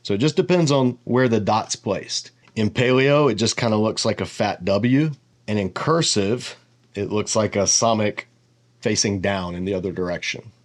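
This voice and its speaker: A man with a lowish voice gives a casual lesson. He thinks aloud as he goes and explains each letter patiently, in an easy, unhurried way. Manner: relaxed, thinking aloud with fillers. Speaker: teacher.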